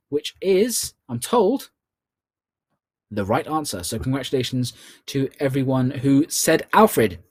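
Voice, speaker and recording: A man's voice: on the high side, dry recording. A man with a British accent hosting a live online charity quiz, upbeat and full of playful ad-libbed asides. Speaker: quiz host.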